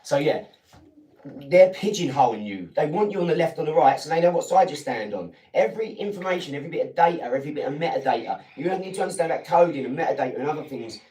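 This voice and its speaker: A man's voice: a little high, expressive, fast talker, mellow. An English man in his forties from England, hosting a live stream and lecturing viewers in a combative, talking-down way at home. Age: 40s. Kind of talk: ranting live-stream monologue. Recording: echoey room, mic at a distance.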